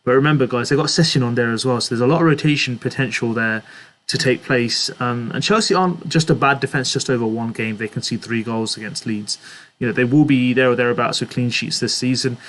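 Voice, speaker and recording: A man's voice: mid-range voice, a bit bright. A young man hosting a casual live stream, reading out viewers' chat messages and answering them in a chatty way, often laughing. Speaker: livestream host answering chat.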